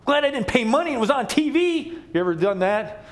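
A middle-aged pastor delivers a sermon from the pulpit in a high, lively voice that rises and falls widely. He tells the story playfully, tossing in humorous asides and quick jokes.

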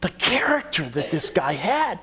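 Male preacher with a somewhat high voice, emphatic sermon delivery that questions the listeners. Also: very animated, moderate pace, sharp tone, breathy edge. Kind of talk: sermon with scripture reading.

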